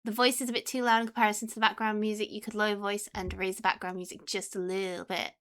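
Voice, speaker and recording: A woman's voice: flat delivery, fast, fairly bright tone. A woman streaming live and chatting casually with her viewers, giggly and chatty. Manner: chatty, giggly, talks to her pets in a high cooing voice. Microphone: headphones with desk mic.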